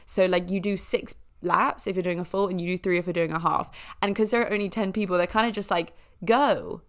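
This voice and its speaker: A woman hosting a podcast, telling a story in a chatty, animated way with lots of fillers and small impressions of other people. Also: on the low side. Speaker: podcast host. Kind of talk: casual storytelling.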